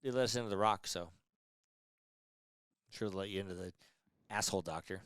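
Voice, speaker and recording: Man, podcast host, casual chat, smooth resonant voice, dry close sound. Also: low voice, brisk, a bit bright, no room sound. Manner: joking, laughs often.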